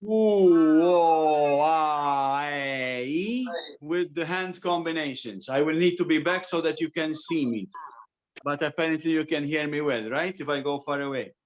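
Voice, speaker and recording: A man's voice: a little high, normal speed. A man facilitating a group sound ceremony, patiently instructing and counting breaths aloud as the group chants vowels together. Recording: live recording with steady noise and clicks.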